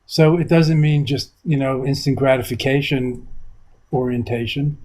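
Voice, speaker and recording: Older male meditation teacher, rambling reflective interview talk, middle pitch. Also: little pitch movement, moderate pace, darkish tone, rough recording. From New York, USA. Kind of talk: reflective conversation. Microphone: video call.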